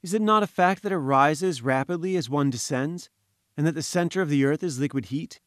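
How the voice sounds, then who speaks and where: A man's voice: on the high side, a little fast, no echo, clean studio sound, close to an everyday voice. A man doing a polite, wary young engineer. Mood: deferential. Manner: deferential, cautious. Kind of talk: audiobook character voice.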